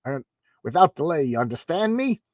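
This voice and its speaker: Man doing a put-on Irish accent, urgent solicitor, pushy, raised pitch, lo-fi. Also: very animated, normal speed, no room sound.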